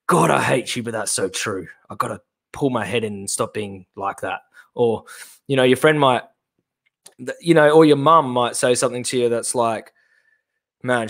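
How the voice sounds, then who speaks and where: Animated man reacting live. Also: medium pitch. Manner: animated, rambling, sarcastic asides. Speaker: host.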